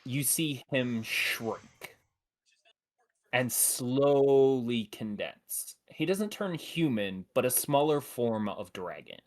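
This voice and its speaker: A man running a tabletop game on a live stream, narrating with many pauses and fillers. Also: medium pitch, expressive. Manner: hesitant, many fillers, apologetic. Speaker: game master.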